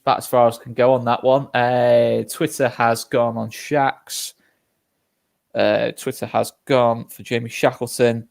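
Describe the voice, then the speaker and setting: A man co-hosting a live fan stream, steering the chat and reading out poll results in a measured way. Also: mid-range voice, level tone, gravelly. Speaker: co-host of a fan channel.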